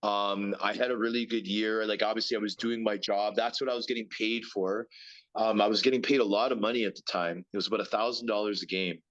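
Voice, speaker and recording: A man's voice: lowish voice, steady tone, quick pace, a bit bright. A man in his thirties chats as a guest about his hockey career. He rambles, stumbles over repeated words and leans on fillers. The recording sounds dull and lo-fi. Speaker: guest, former pro hockey player. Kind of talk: casual interview chat.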